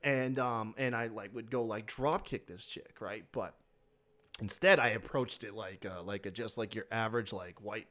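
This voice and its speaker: Speaking at normal speed in a lowish voice, a man hosting a podcast tells a rambling, casual story. He swears freely, stays animated and keeps cracking up laughing.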